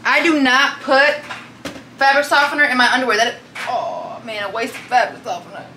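Bright-voiced young woman vlogging. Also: high voice, moderate pace, a little hiss or hum. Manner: lively, teasing, often calls people baby. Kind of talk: casual vlog chat. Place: home kitchen.

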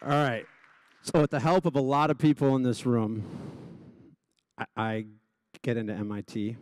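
A man with a noticeable stutter tells his story to an audience, repeating sounds and restarting words as he goes. His voice sits in a middle pitch. It sounds dry and close to the mic. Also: flat delivery, normal speed, a little mellow, no echo, a faint crowd. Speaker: gala honoree giving a speech. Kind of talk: personal speech to a live audience.

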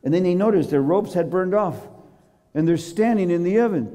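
Animated preacher in a reverberant hall. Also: male voice, sits high, a little fast. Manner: acts out characters, laughs, shouts at climaxes. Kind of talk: dramatic sermon storytelling.

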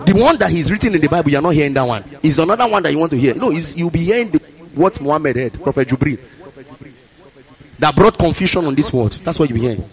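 Male pastor, fairly high voice, rapid emphatic sermon delivery; repeats phrases, calls to the church. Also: animated, muffled recording. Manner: emphatic preaching, repeating phrases, calling out to the congregation. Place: church service.

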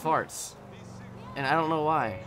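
A man's voice: a little high, animated, takes it slowly, background noise. A man giving casual let's-play commentary while he games, rambling, joking and swearing. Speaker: gameplay commentator.

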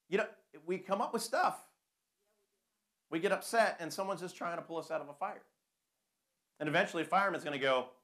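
Bright-voiced man preaching a sermon. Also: sits high, brisk, long pauses. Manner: rhetorical questions, conversational.

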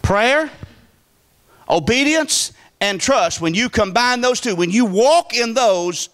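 A man preaching a sermon as pastor, folksy and emphatic, with wide swings of pitch and volume. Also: animated, slow pace, fairly bright tone.

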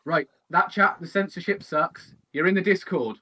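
A British man co-hosting a casual livestream, teasing his guests and quick to laugh. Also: sits high, pushed and bright. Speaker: co-host of a pipe smoking livestream. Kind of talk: casual banter. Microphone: livestream video call.

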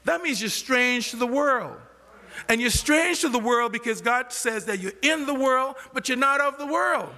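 An older male pastor preaching in a high, gravelly, bright voice. He keeps stopping to ask the congregation "what?" so they can complete his lines. His voice carries a long reverb through a large church hall. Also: expressive, normal speed. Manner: asks the congregation questions and has them finish his sentences. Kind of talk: sermon.

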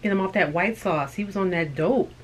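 A woman co-hosting a thrift vlog, chatting and joking with quick asides while still getting over an illness. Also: medium pitch. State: recovering from illness. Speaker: co-host of a thrift channel. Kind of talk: casual chat.

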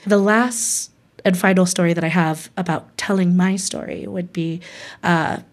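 Young woman from hawaii telling her own story, lots of laughs and quoting people, kinda low voice. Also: steady tone, a little slow. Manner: candid, laughs often, quotes people with voices. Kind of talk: personal storytelling.

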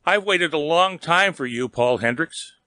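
A man's voice: fairly high pitch, lively intonation, measured pace, sharp tone, no room sound, pitched above the performer's own voice. Guy reading aloud and doing a throaty seductive lady, coaxing and close, dry sound. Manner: coaxing, intimate. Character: seductive tall woman, throaty and alluring. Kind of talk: audiobook reading.

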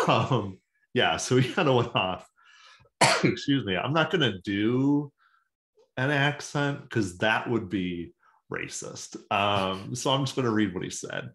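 A man's voice: lowish voice, sing-song, takes it slowly, a bit bright, reverberant. A man co-hosting a soccer podcast, chatting casually with sarcastic, jokey asides. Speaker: podcast co-host. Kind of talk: casual sports chat.

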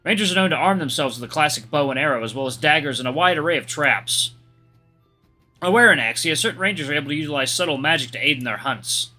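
A man's voice: a little high, animated, fast, sharp tone, faint music behind. A man reading a visual novel aloud as a let's play host, with casual joking asides.

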